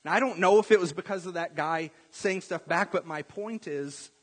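A pastor delivers his sermon in a relaxed, chatty manner, weaving personal stories into scripture. His voice sits a bit high for a man and has a husky edge. He keeps the congregation with him through frequent quick asides. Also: in a large hall, low-quality recording. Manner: conversational storytelling, frequent "right?" asides.

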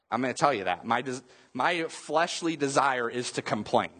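Male pastor, mid-pitched voice, emphatic repeating sermon delivery, long church reverb. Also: fairly bright tone, husky. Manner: repetitive, emphatic preaching with restarts.

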